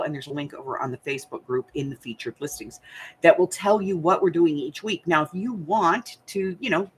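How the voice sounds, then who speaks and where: A woman's voice: lowish voice, slightly rough. An older woman from the United States hosting a crafting channel, chatting casually and rambling to her viewers while she thinks aloud.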